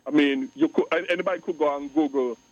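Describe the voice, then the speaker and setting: A man's voice: on the high side, fairly even intonation, quick pace, darkish tone, muffled recording. A man on a call-in radio show, speaking emphatically and repeating his points. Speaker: radio guest. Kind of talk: call-in talk radio discussion.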